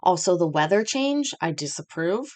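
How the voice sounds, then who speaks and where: A woman's voice: fairly low pitch, big pitch swings, normal speed, a little mellow. A woman hosting a casual livestream from home, chatty and rambling, with self-deprecating asides. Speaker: host.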